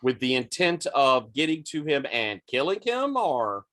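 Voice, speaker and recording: A man running a tabletop role-playing game as game master, narrating in an unhurried, descriptive way and laughing now and then. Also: medium pitch, very animated, fairly bright tone.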